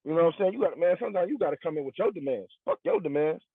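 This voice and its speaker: A man's voice: on the high side, animated, very fast, husky, no room sound. Blunt profane man, tinny dry sound. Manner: blunt, profane, emphatic, slangy. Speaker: podcast co-host. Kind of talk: casual chat.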